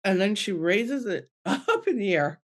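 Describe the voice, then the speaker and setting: A middle-aged woman shares a personal story on a panel, earnestly and with deep feeling. She acts out the dialogue in a lifted voice, then sinks low and soft when she is moved. Her voice sits in an ordinary middle register. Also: very animated, unhurried. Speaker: guest medium on a panel.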